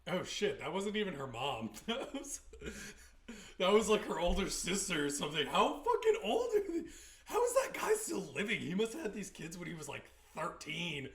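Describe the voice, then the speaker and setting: A man's voice: high voice, sing-song, moderate pace, fairly bright tone, roomy sound. A man hosting a casual reaction video, laughing often, cursing, and mocking the people he watches.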